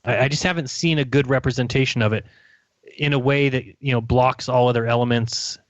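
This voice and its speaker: A man co-hosting a call-in radio show, chatting in an easygoing way with quick asides. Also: medium pitch, fairly even intonation, dry recording. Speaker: radio co-host. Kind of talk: casual call-in radio chat. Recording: dull lo-fi sound.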